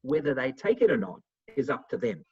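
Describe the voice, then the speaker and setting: A man giving a motivational webinar talk over a video call, answering questions and acting out little dialogues in a lively way. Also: medium pitch, a little fast, slightly rough. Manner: animated, acts out little dialogues. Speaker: webinar speaker. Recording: muffled video call audio.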